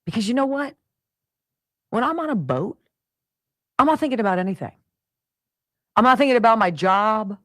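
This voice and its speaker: Lively talk radio hostess. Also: female voice, on the high side, moderate pace, pauses often, no room sound. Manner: upbeat, emphatic, folksy. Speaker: radio show host.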